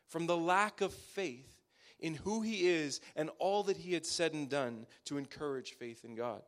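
Dramatic preacher with hushed phrase endings. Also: male voice, on the high side, unhurried, few pauses. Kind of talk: sermon.

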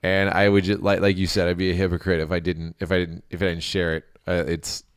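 A man's voice: low-pitched, level tone, clear, resonant tone, no echo, clean studio sound. A young man co-hosting a podcast, chatting casually and then reading a story aloud with stumbles and restarts. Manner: halting, with many restarts while reading. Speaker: podcast co-host.

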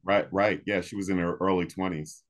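Deep-voiced, hesitant male podcast co-host. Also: fairly even intonation, brisk. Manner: thoughtful, hesitant, many fillers. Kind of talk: casual chat about old TV.

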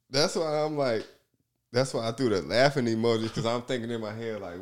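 A man of ordinary pitch co-hosting a loose, casual podcast. He laughs through his words and acts out his own stunned reactions as he tells a story, slipping in quotes with an animated lift. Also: brisk. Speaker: podcast co-host. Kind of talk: casual chat.

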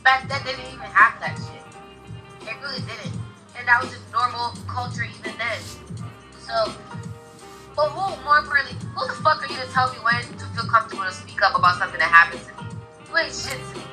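A woman's voice: fairly high pitch, fairly quick, over music, rough recording. A young woman in casual conversation, talking bluntly and heatedly and swearing freely.

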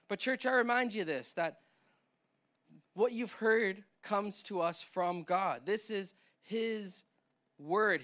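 A man's voice: high voice, fairly bright tone. A man preaching a sermon as pastor in a church, often repeating words and restarting his sentences. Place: church hall.

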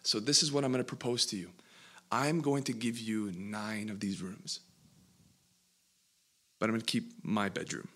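A male preacher voicing an exhausted man who pleads with and shouts at Jesus in a parable. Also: fairly low pitch, steady tone, moderate pace, pauses often, voice pushed down. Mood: bargaining.

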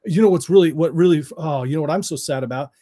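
A relaxed man chatting as a guest, his voice a little husky and pitched a bit high for a man. He laughs easily and rambles, restarting his sentences as he goes. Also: fast. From United States. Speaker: hypnotist guest. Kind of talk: casual chat.

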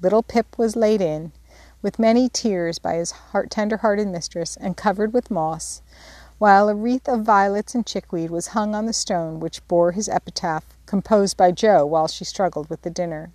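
A woman's voice: medium pitch, dry recording. Woman narrating a classic novel. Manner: measured, expressive storytelling. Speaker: audiobook narrator. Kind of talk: scripted narration.

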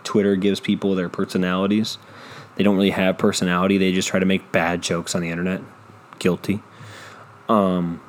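A man's voice: low voice, a little hiss or hum. Profane rambling man ranting solo. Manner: profane, rambling, self-deprecating. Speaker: podcast host. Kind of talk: casual solo rant. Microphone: studio microphone.

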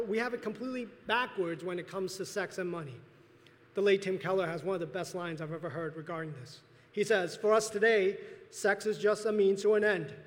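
A man preaching a sermon as pastor, earnest, pausing and restarting as he speaks, in a church sanctuary. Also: high-pitched. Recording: long hall reverb.

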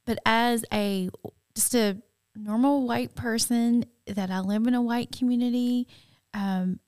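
A middle-aged woman hosting a podcast interview, asking earnest, halting questions full of restarts. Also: a little high, steady tone, darkish tone, clear, resonant tone, no room sound, clean studio sound. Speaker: podcast host. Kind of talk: interview conversation.

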